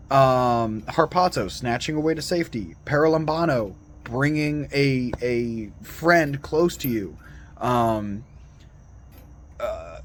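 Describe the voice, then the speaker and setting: A man's voice: mid-range voice, a little hiss or hum. A man giving a rambling, earnest solo monologue as a Christian video commentator, full of digressions and restarts.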